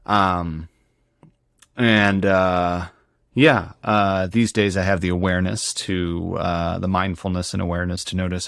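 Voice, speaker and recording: A man's voice: low voice, flat delivery, measured pace, gravelly, a bit bright, clear, resonant tone, dry recording, studio quality. A man speaking as an interview guest, reflective and earnest, often restarting his sentences as he searches for words. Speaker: guest ultrarunner.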